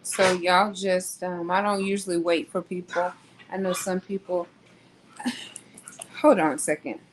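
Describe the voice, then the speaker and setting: A woman hosting a casual live talk, pausing often with ums and restarts. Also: fairly low pitch, fairly even intonation, a little hiss or hum, low-quality recording. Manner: slow, hesitant, many ums and restarts. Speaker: host.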